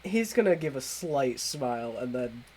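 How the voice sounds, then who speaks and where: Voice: mid-range voice, lively intonation, normal speed, a little mellow, breathy edge, low-quality recording. A game master casually narrating and moving a tabletop game along.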